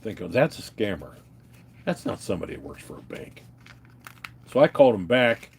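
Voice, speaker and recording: A man's voice: deep voice, big pitch swings, moderate pace, slight background noise. A man livestreaming an unscripted, agitated rant, swearing and telling his viewers about his grievances. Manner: agitated, profane, ranting and telling stories to viewers. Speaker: livestreamer answering chat.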